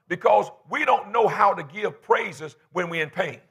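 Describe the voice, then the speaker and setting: A man's voice: high voice, expressive, normal speed, vocal fry, hardly any pauses, pushed and bright, breathy edge. A man in his fifties preaching a fervent, folksy sermon in church, calling for responses from the congregation. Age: 50s. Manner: colloquial, folksy phrasing. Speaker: pastor.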